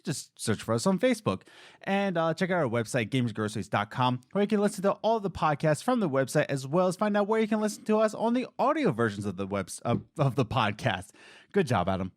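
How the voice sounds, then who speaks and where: A man co-hosting a casual gaming podcast, joking and telling stories with lively voice changes. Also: a little high, no echo, studio quality. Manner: animated, jokey, quick voice changes. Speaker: podcast co-host. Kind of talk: casual chat.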